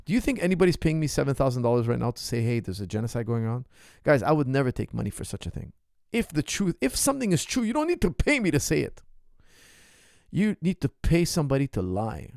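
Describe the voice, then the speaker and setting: A man's voice: medium pitch, wildly swooping pitch, quick pace, creaky, darkish tone, dry recording, clean studio sound. A man hosting a casual question-and-answer podcast as a martial arts coach, talking in a heated, indignant, emphatic way. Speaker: MMA coach and podcast host.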